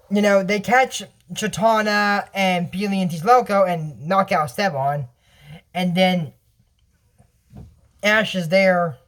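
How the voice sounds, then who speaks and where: A man casually recapping a cartoon episode. He rambles and acts out the characters' lines, jumping up and down in pitch.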